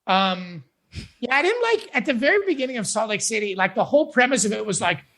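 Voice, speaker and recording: A man's voice: high-pitched, sing-song, fairly quick, bright, forceful tone. A man hosting a podcast in casual chat, rambling and self-mocking as he laughs often. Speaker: podcast host.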